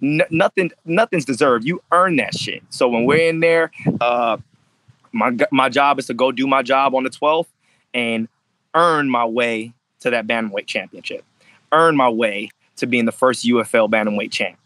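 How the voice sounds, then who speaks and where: A man's voice: mid-range voice, moderate pace, a bit bright, a little hiss or hum, low-quality recording. A man who fights professionally, telling stories in a casual interview with intensity and freely dropped swear words. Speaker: MMA fighter, interview guest.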